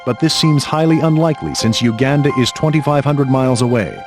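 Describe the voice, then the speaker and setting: A man reading scripted documentary narration in a grave, measured way. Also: medium pitch, music in the background.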